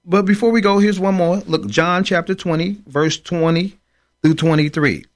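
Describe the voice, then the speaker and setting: Chatty man, slightly high voice. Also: fairly even intonation. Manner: chatty and upbeat, reads verses slowly and adds comments. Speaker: co-host of a Christian radio talk show. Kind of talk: casual chat and reading scripture.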